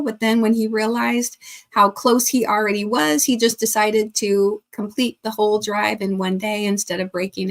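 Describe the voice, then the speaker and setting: A woman hosting a casual live stream, chatting and reading viewer comments aloud, laughing often. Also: mid-range voice.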